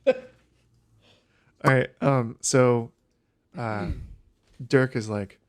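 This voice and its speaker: A man's voice: medium pitch, very slow, pauses often. A man narrating a tabletop game as game master, hesitant with many fillers.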